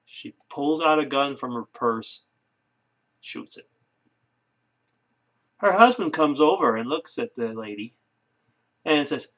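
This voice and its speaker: A man's voice: medium pitch, lively intonation, slow pace, long pauses, a bit bright. A man chatting casually to his camera for a video blog, rambling through a joke with lots of fillers and restarts. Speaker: video blogger. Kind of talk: casual vlog chat.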